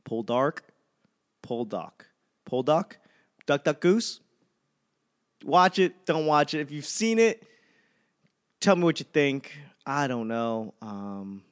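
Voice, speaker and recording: A man in his thirties hosting a casual solo podcast, rambling and self-mocking with plenty of swearing. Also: medium pitch. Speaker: podcast host.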